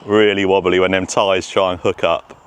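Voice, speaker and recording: A man testing a remote-control car outdoors by a road, chattering excitedly to himself as he films. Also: low-pitched, moderate pace, smooth. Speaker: RC car vlogger. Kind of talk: casual self-narration while testing.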